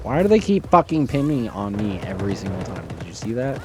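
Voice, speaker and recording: A man's voice: fairly low pitch, big pitch swings, a little fast, over music. A man doing live gameplay commentary, swearing freely and ranting in exasperation at his teammates, with incredulous outbursts. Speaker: streamer.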